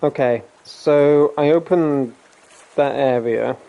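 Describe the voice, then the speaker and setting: A man's voice: a little high, slow pace, creaky, lo-fi sound. A young man streaming a game, rambling casually with self-deprecating laughs. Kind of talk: casual live gameplay chat.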